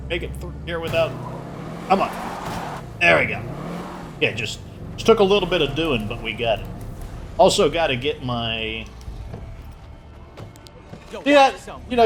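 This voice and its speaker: A chatty man talks through a video game, joking and thinking aloud as he plays. His voice is a little high and swings up and down a lot. Game music plays clearly behind him. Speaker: gaming channel host. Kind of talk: casual gameplay commentary.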